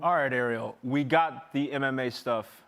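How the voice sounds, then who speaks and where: A man's voice: mid-range voice, normal speed, fairly bright tone, clean tone. A man co-hosting a sports talk show, joking and dismissive toward the guest. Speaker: show co-host.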